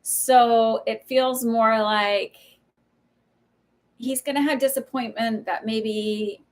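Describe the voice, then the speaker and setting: A woman's voice: on the high side, steady tone, slow pace. A woman in her thirties doing a live psychic reading, answering viewer questions in a casual, hesitant way with many fillers and friendly asides. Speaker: psychic reader on a livestream.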